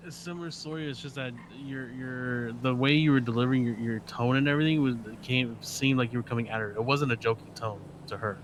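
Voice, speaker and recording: A man in casual chat, calmly explaining another person's view. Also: mid-range voice, fairly quick, few pauses, a little hiss or hum, poor audio.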